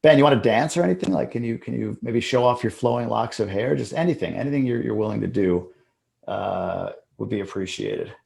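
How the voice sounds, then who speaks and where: A man's voice: medium pitch, expressive, a little fast, gravelly, a little mellow. A man hosting a casual interview, talking in a loose, rambling way with frequent restarts. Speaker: host.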